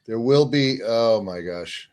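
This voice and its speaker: A man chatting casually on a live show, halting with many fillers. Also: mid-range voice, animated, darkish tone, slight background noise. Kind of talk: casual chat.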